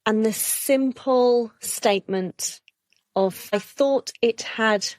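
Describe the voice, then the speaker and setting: A woman podcast host in casual conversation, slowly repeating and affirming her guest's ideas. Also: fairly high pitch, a little mellow, no room sound. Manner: affirming, slow repeating back.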